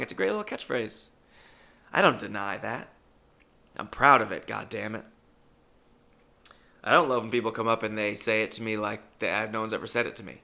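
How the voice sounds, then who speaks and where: A stand-up comedian telling stories in a casual, rambling way and swearing freely. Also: male voice, lowish voice, moderate pace, gravelly, pauses often, bright, forceful tone. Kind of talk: casual storytelling monologue.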